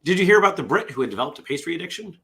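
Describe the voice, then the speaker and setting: A man's voice: on the high side, big pitch swings, rapid-fire, a bit bright. A man hosting a casual solo morning show. He rambles, interrupts himself, and drifts into side stories between the jokes he reads aloud.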